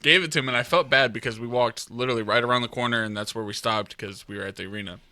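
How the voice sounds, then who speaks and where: A man's voice: mid-range voice, very fast, pushed and bright, dry recording. A man with an Ohio accent co-hosting a casual podcast, rambling through a story with fillers and laughs. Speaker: podcast co-host. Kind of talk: casual chat.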